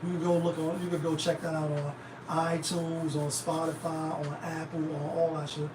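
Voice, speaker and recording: A high-voiced man rambles through casual commentary, loose and profane. He sits back from the mic in an echoey room. Steady noise hums under him. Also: moderate pace. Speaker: host. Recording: roomy, distant, noisy.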